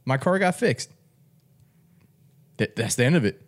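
A man's voice: mid-range voice, lively intonation, a little slow. A man in casual conversation who tells stories with animation, swears freely and laughs often. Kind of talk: casual chat.

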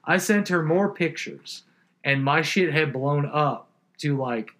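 A man's voice: on the high side, expressive, takes it slowly, a bit bright. A man telling a long, profane story in casual chat, laughing often and rambling through fillers.

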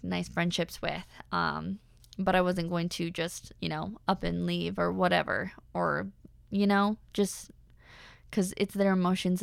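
A young woman talks through a casual podcast monologue, lower-pitched for a woman, her voice gravelly with vocal fry. She is chatty, full of fillers, and breaks into animated faith-filled asides. The sound is smooth and dry, close on the mic. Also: no room sound. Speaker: podcast host.

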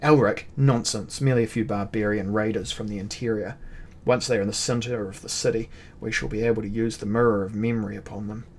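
Man doing a cruel demon-lord prince for an audiobook, boastful, loud, barking orders, lowish voice. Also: steady tone, a little fast, a little hiss or hum, close to an everyday voice. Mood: commanding.

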